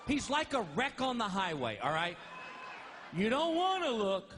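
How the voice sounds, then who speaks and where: Male stand-up comic, very high voice, wildly lively delivery, shouted rants. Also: moderate pace, slight background noise. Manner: animated storytelling with shouted outbursts. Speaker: stand-up comedian. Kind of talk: stand-up comedy. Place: stage before a live audience.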